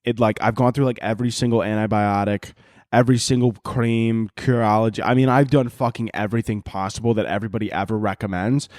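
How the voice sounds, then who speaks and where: A man's voice: lowish voice, flat delivery, fast, darkish tone, no room sound, studio quality. A man in his twenties hosting a casual solo podcast, rambling and swearing, with a lot of filler words, and laughing at his own jokes. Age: 20s. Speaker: podcast host.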